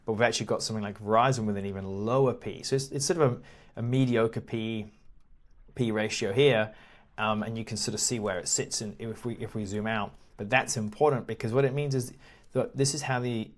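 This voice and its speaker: Guy, lowish voice, chatting thru stock charts, lots of um and repeated words. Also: fairly quick. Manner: casual, repeats words often, laughs now and then. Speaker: investing educator. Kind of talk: screen-share walkthrough.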